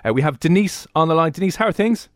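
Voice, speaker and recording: A man's voice: on the high side, lively intonation, quick pace, no room sound, clean studio sound. A man hosting a radio phone-in, joking and teasing with casual restarts. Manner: jokey, teasing, rambling with restarts. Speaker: radio host.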